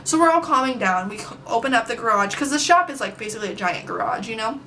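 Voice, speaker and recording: Bright, chatty young woman. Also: fairly high pitch, fast talker, slight background noise. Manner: chatty, filler-heavy, animated. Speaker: vlogger. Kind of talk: casual storytime.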